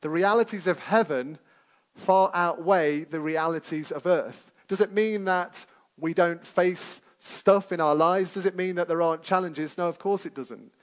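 A man's voice: high voice, unhurried. A man preaching a sermon to a congregation in a church service, talking conversationally and putting questions to his listeners.

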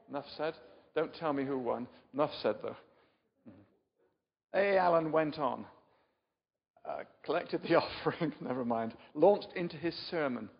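An older man from England giving a chatty, informal sermon, often asking his listeners questions and poking fun at himself. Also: medium pitch. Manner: chatty, self-deprecating, asks the audience questions. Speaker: preacher. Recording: muffled sound in a reverberant hall.

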